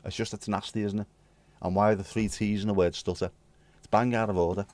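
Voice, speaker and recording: A man's voice: lowish voice, steady tone, quick pace, darkish tone, dry recording. A British man hosting a livestream, rambling cheekily through chat messages with swear words and jokes. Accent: British English. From United Kingdom. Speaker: livestream host. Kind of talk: casual chat to live chat readers.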